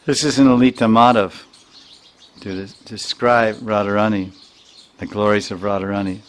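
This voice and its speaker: Man teaching scripture, chanting Sanskrit verses. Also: on the low side. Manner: recites Sanskrit verses, then explains them line by line; chuckles while teaching. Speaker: spiritual teacher. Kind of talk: scripture lecture.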